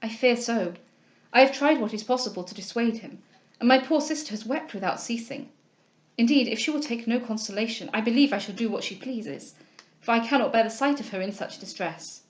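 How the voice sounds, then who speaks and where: A woman voicing an ardent, pleading young gentleman. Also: fairly high pitch, animated, a little fast, close to an everyday voice. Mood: anxious. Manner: pleading, earnest, emotional. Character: ardent, humble young gentleman suitor, anxious. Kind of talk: audiobook character reading.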